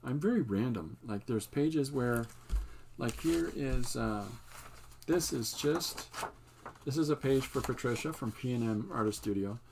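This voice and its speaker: An older man who hosts his own art channel, casually showing his pages in a relaxed, meandering, self-amused way. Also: mid-range voice, a little slow, vocal fry, slight background noise. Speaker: artist and channel host. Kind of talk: casual show-and-tell livestream.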